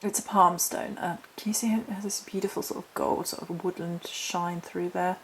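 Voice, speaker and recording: A woman's voice: fairly low pitch, steady tone, normal speed, a little hiss or hum, poor audio. A woman vlogger chatting casually through a haul of witchcraft supplies, rambling, backtracking and reading notes aloud from a book. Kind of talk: casual chat showing a haul.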